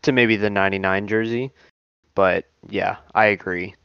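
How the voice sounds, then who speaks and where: A man in a casual sports chat who shares his opinions in a measured, agreeable way. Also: fairly low pitch, steady tone, creaky, clean tone, dry recording. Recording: dry, dull lo-fi sound.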